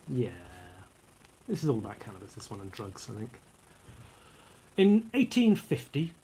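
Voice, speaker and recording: A man's voice: a little high, darkish tone, slightly rough, low-quality recording. A man, chatting casually on his vlog as he reads out trivia, rambling into asides while he eats and drinks. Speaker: vlogger.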